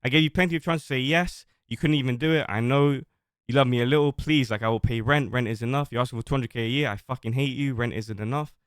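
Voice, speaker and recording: A man's voice: medium pitch, quick pace, smooth, no echo, studio quality. A man on a livestream reading out old messages and defending himself, rambling at length. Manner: defensive, rambling, reads screenshots aloud. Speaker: streamer.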